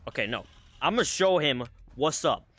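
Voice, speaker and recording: A man hosting a gaming channel, giving casual gameplay commentary over a headset and yelling when startled. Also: on the high side, lively intonation, normal speed. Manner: jumpy, yelling at sudden scares.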